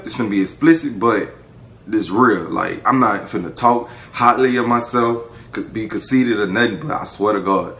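Young man, storytime vlog, low voice, lively pitch swings, profane, slangy. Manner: animated, profane, laughing, slangy. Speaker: vlogger. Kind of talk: casual storytime monologue. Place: indoor room, seated before camera.

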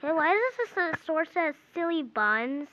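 A woman's voice: very high voice, very animated, a little slow, pushed and bright, no room sound, dull audio, voice pushed up, exaggerated voice. A woman voicing a petulant boy customer in a pretend game, pleading and stammering.

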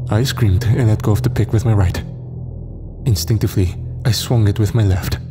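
A man narrating a horror story in the first person, with measured, grim delivery. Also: lowish voice. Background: faint music.

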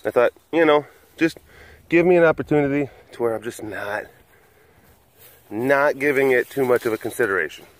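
A man's voice: mid-range voice, moderate pace, long pauses, dry recording. A middle-aged man hosting a casual vlog, talking in a rambling, hesitant way with many fillers. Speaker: big cat sanctuary vlogger.

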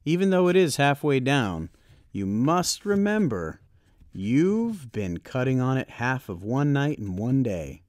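A man voicing a kindly, proud old grandfather in an audiobook reading, talking in a booming, hearty, encouraging way. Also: big pitch swings, unhurried, darkish tone, dry recording, studio quality.

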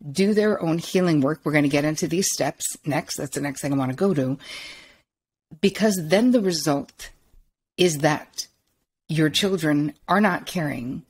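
A woman's voice: deep voice, darkish tone, husky. A woman hosting an interview, a therapist who reflects on her guest's points and tells her own stories. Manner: agreeing, reflective, quick asides. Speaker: podcast host and therapist. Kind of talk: conversational interview.

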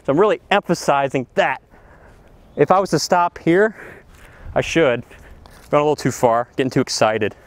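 A man giving an energetic golf lesson on a practice range, talking with excitable enthusiasm and breaking into exclamations. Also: fairly high pitch, normal speed, pauses often, no echo. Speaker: golf instructor.

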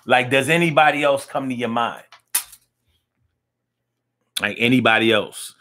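A man's voice: medium pitch, measured pace, bright, forceful tone, slight background noise. A man hosting a casual live-stream talk show, chatting loosely with slang and lots of restarts, reading viewer comments aloud.

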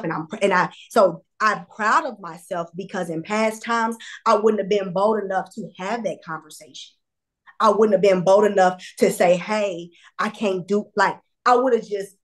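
A young woman, a podcast guest, telling a candid personal story and acting out the dialogue with lively jumps in pitch. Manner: animated, acts out quoted dialogue with pitch jumps; repeats herself and apologizes for rambling.

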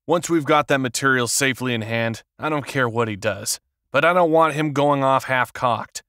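A man's voice: mid-range voice, moderate pace, pushed and bright, clear, resonant tone, no room sound, clean studio sound, natural voice. A man doing a wary, pragmatic executive. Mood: decisive. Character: shaken, pragmatic male executive.

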